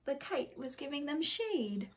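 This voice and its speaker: High-pitched lady doing kids story time, slow and sing-songy, big sound effects. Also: background noise. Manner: sing-song, animated, exaggerated sound effects. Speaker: children's story time host. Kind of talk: reading a picture book aloud to children.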